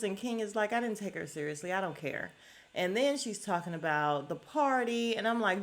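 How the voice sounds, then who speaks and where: A woman's voice: mid-range voice, a bit bright. A middle-aged woman hosting a podcast from home, casually recapping a reality show with blunt, sassy asides and laughs.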